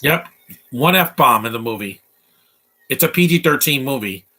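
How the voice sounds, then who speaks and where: A man's voice: medium pitch, expressive, moderate pace, pushed and bright. A man in his twenties giving casual live commentary over a film, blunt and opinionated, rambling with many restarts. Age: 20s. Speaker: movie commentator.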